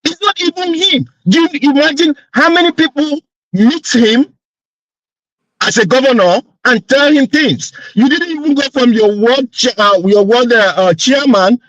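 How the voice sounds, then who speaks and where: A man's voice: very high voice, expressive, unhurried, fairly bright tone, dry recording, poor audio. A man on an online panel debate, arguing insistently and repeating his points. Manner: insistent, argumentative, repeats himself.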